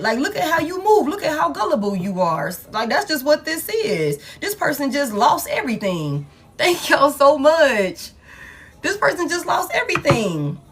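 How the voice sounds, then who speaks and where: A woman's voice: high voice, fairly bright tone. Blunt, exasperated woman reading tarot. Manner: blunt, exasperated, swearing, repeats phrases for emphasis. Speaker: tarot reader. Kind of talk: live collective tarot reading.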